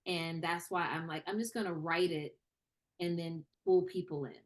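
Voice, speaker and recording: Casting: young woman guest, casual and animated, lots of "you know". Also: fairly low pitch, moderate pace. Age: young adult. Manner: animated, many fillers and repeated starts. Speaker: screenwriter and actor, interview guest. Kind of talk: casual interview conversation.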